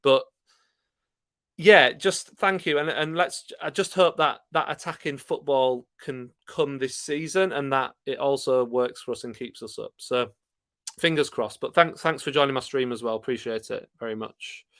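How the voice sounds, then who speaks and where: A man with a Yorkshire accent hosting a casual live stream, chatting relaxed and laughing often as he answers comments. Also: mid-range voice, normal speed, no room sound, studio quality. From Yorkshire, England.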